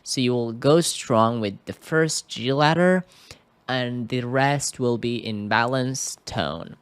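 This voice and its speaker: A man walks through an English lesson at an unhurried, drawn-out pace, pausing often and checking in with "okay?". His voice sits at an ordinary middle pitch. The sound is dry and close, recorded indoors at a computer. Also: clean tone, dry recording. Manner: hesitant, keeps checking in with "okay?". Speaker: English teacher. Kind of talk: screen-recorded tutorial.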